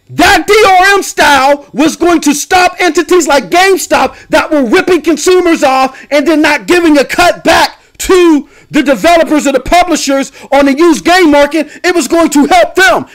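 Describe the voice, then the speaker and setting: A young man hosting a gaming live stream, ranting loudly and laughing often as he swings between shouts and low mumbles. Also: a little slow. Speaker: game streamer and podcast host.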